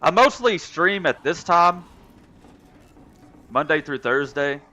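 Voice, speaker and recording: A young man streams a game, chatting casually and reading and answering live chat as he plays. His voice is a little high, bright, and forceful, with lively intonation and a slow pace, and the sound is lo-fi.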